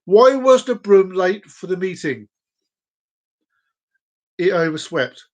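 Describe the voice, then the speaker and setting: A man hosts a loose, chatty live stream, talking straight to viewers he knows by name. He rambles from topic to topic and leans into corny puns. His voice sits a touch higher than most men's. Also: lively intonation, slow pace. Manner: jokey and rambling, with groan-worthy puns; chats directly to viewers by name. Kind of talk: casual live-stream chat.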